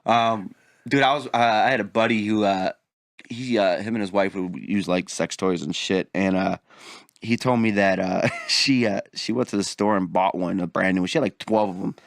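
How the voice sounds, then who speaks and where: A man's voice: on the low side, normal speed, gravelly, dry recording, clean studio sound. A man co-hosting a podcast in casual chat, telling crude stories with lots of laughter. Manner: animated, crude storyteller who laughs often. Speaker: podcast co-host.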